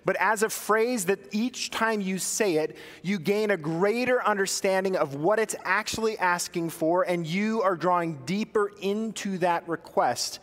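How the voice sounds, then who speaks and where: Pastor guy teaching prayer practices, slightly high voice, long echo in a big hall. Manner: guides slow breathing prayer, drops soft and low on the repeated phrase; asks the congregation questions and answers them himself.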